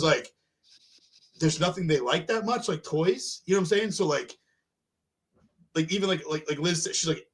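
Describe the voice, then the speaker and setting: Fast-talking profane man, rambling. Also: fairly high pitch, a bit bright. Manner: profane, rambling, self-deprecating. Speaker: podcast guest, MMA fighter. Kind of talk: casual rambling chat.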